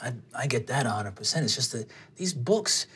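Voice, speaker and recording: A performer voicing a blunt, profane older man in a tabletop game, low and dismissive. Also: animated, normal speed, a bit bright, a little hiss or hum, natural voice. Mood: lecturing. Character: gruff older man, profane, short-tempered shopper.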